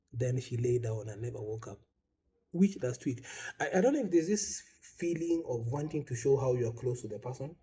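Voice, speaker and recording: A man speaking as host, telling a personal story in a halting, reflective way, with restarts and small laughs. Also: mid-range voice, warm tone. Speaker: vlog host.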